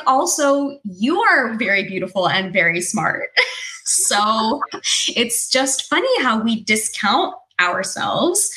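Woman coach guest, bright clear tone, upbeat explainer on a video call. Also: medium pitch, rough recording. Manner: upbeat, explanatory, laughs often. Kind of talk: casual interview chat.

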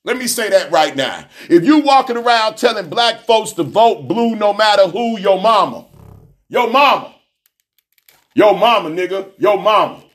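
A man ranting on his radio show with a high-pitched voice. He delivers it with preacherly intensity, repeating lines and breaking into shouts. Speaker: radio host. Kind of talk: fiery radio monologue.

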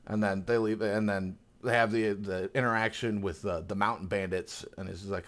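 A man chatting as a podcast guest, retelling scenes with animated, slangy, swearing energy. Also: on the low side, normal speed, few pauses. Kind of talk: casual chat.

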